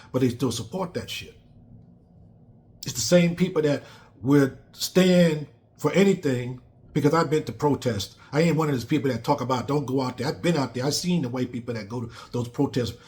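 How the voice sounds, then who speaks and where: A man's voice: medium pitch, darkish tone. A man giving a blunt, emphatic casual monologue on politics, repeating phrases for stress. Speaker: commentator.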